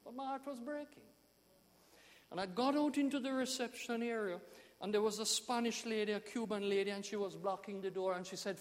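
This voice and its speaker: Jamaican male pastor, animated sermon storyteller, high voice, big hall echo. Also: fairly quick. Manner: animated storytelling, emphatic swings in loudness.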